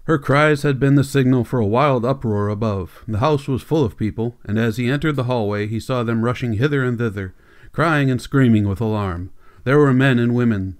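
A male audiobook narrator reading a classic novel in a measured, steady storytelling manner. His voice sits at an ordinary middle pitch for a man. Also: smooth. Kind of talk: scripted narration.

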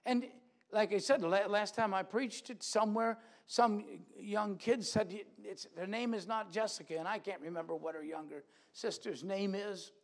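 A man preaching a sermon in a church, animated, acting out quoted voices with big swings in loudness. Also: high-pitched, normal speed.

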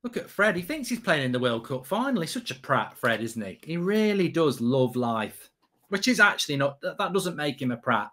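A man giving excitable, sweary live reaction commentary as a streamer, half talking to himself. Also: a little high, normal speed, slight background noise.

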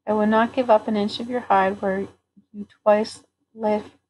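A woman voicing a courteous, dutiful male captain in an audiobook reading, speaking formally and gently. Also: medium pitch, fairly even intonation, a little slow, a little hiss or hum, lightly acted, low-quality recording.

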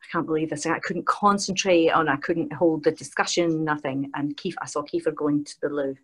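A Scottish woman with a fairly low-pitched voice, telling a long anecdote in a lively, rambling way. She fills her speech with "like" and "you know" as she tells the story as a podcast guest. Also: moderate pace, slightly rough. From Scotland. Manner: animated, rambling anecdote with many fillers. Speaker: guest, author and broadcaster.

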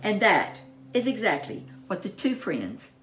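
Storyteller, woman, slow and lively in pitch, bright voice, faint music underneath. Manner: expressive, unhurried narration. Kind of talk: children's storybook reading.

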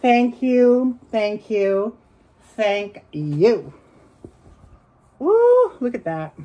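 A woman chatting casually as she unboxes and reviews secondhand bags, excitable and quick to gasp and laugh. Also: mid-range voice, dull audio. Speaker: reseller vlogger.

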